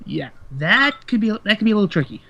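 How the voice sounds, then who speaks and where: A man with a high, bright voice chats at a tabletop game. His pitch moves a lot. He stammers and repeats words as he goes. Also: big pitch swings, brisk, gravelly, lo-fi sound. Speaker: player. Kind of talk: casual tabletop game chat.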